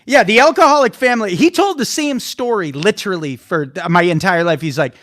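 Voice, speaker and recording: A man's voice: high voice, fairly quick, a bit bright. A man who is a comedian, telling funny family stories in a casual chat and acting out the quotes. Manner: comic storyteller, acts out quotes. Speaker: comedian guest.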